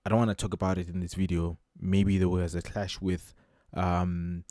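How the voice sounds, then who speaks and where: A man's voice: deep voice, little pitch movement, normal speed, dark tone, dry recording, studio quality. A young South African man with a South African accent, chatting casually as he reacts to a video, repeating himself with many fillers. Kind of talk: casual commentary.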